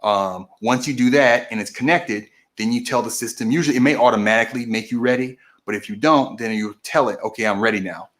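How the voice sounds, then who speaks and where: A man's voice: medium pitch, a little fast, few pauses, fairly bright tone. A man hosting a political stream, casually walking through a process step by step, often restarting and correcting himself mid-sentence. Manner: explains methodically, with frequent restarts and self-corrections. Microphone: camera video recording.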